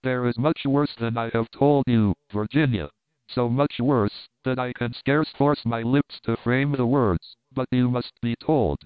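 A man's voice: mid-range voice, clean tone, no echo, close to an everyday voice. A man playing a scheming, solemn doctor. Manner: solemn, measured, persuasive. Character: scheming grave male doctor, middle-aged. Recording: narrow phone-like band.

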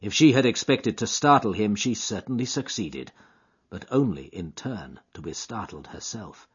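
A man's voice: on the low side, lively intonation, normal speed, husky. Man narrating a story expressively. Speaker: audiobook narrator. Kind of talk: scripted narration. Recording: dull lo-fi recording.

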